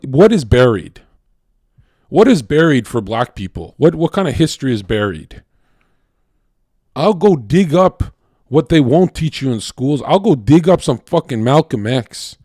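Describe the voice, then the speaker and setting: A man talking to his stream in a casual, animated and profane monologue, swinging between loud rants and quiet asides. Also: medium pitch, dry recording, clean studio sound.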